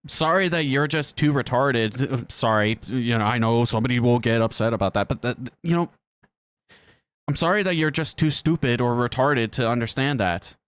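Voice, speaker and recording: A man's voice: medium pitch, normal speed, a bit bright, smooth, dry recording. A man reacting on a live stream with casual, profane commentary, ranting and laughing often.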